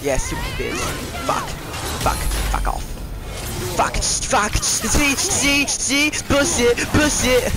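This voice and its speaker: A man's voice: very high-pitched, huge pitch swings, slow pace, poor audio. Young man raging over a game. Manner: swears constantly, whiny, explosive outbursts. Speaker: gamer playing on camera. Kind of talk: raging gameplay commentary. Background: game music.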